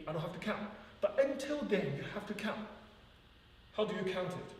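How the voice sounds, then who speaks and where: A man's voice: high-pitched, very animated, normal speed. A man teaching a live ballet class, speaking earnestly and counting out rhythms aloud. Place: large echoey dance studio. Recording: far-off voice in an echoey hall.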